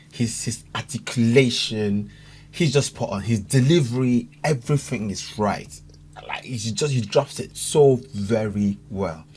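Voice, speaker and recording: A man's voice: on the low side, a little mellow, a little hiss or hum. A man from Africa hosting a casual reaction video, talking in an earnest, chatty way that repeats itself with fillers. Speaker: YouTube reaction host.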